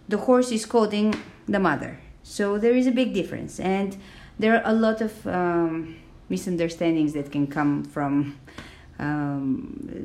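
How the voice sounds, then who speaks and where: A woman teaching a podcast language lesson, talking slowly and carefully with many fillers and modelling sounds aloud. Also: mid-range voice, a little mellow.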